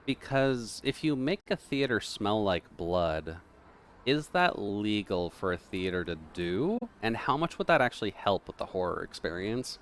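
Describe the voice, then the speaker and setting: A man's voice: on the low side, big pitch swings, unhurried. A man chatting casually on a live game stream, rambling and joking with viewers. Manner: rambling, joking, laughs often. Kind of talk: casual live-stream chat while gaming.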